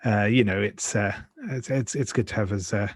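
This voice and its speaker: A man playing a tabletop role-play game, talking haltingly with many fillers and restarts. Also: fairly low pitch, no echo. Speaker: player.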